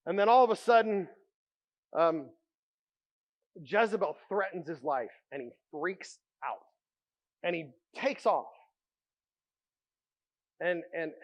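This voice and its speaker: A man preaching a sermon as pastor, telling stories with animated energy and dropping to a hush for quiet moments. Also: on the high side, dull audio. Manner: animated storytelling, drops to a hushed voice for quiet moments.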